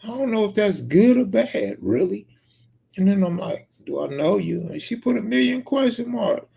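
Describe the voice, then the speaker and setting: A man's voice: high-pitched, animated, moderate pace, creaky, dark tone, breathy edge. A man from California, live streaming and casually reading viewer comments aloud, bantering back with joking, profane remarks.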